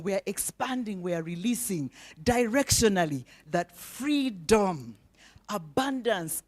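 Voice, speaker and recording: A woman's voice: medium pitch, a little mellow. A woman giving an inspirational speech at a breakfast event, emphatic and repetitive, asking the audience rhetorical questions and getting them to repeat after her. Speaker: keynote speaker. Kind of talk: inspirational speech with call-and-response.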